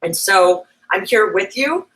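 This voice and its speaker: Woman interviewer, video call, gentle and reassuring, tearful at times. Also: mid-range voice, lively intonation, measured pace, low-quality recording.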